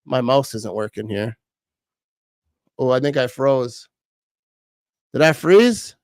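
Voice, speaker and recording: A man's voice: mid-range voice, animated, slow, darkish tone, dry recording, low-quality recording. Rambling man streaming from his desk. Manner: rambling, laughs often, repeats words. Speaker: livestream host reading comments. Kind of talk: casual live-stream chat.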